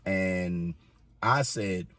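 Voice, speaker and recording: A man's voice: low voice, very slow, a bit bright, no echo. A middle-aged man co-hosting a podcast from inside a car, laid-back and joking. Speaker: podcast co-host. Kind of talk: casual chat.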